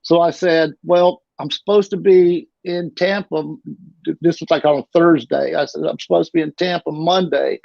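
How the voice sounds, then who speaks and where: A man's voice: fairly high pitch, fairly even intonation, moderate pace, gravelly, a little mellow, dry recording. A middle-aged man, a guest telling a long personal story in casual talk, rambling and restarting his sentences often. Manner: rambling, with frequent restarts and repeats. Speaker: interview guest. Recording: dull, lo-fi dry recording.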